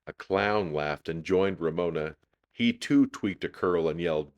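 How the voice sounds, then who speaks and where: Storyteller host, low voice, expressive children's read-aloud. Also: male voice, normal speed.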